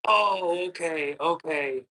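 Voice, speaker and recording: Middle-aged man, caller on a computer mic, rambling and hesitant, swears a lot, very bright and sharp tone. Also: on the high side, takes it slowly, rough recording. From Boston, Massachusetts. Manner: rambling, hesitant, profane ranting. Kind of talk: casual call-in chat. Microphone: computer microphone.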